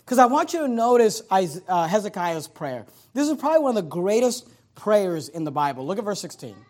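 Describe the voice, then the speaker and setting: A man preaching a sermon who swings between loud, emphatic passages and quiet asides, putting scripture into casual everyday words. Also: high-pitched, big pitch swings, brisk. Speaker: pastor.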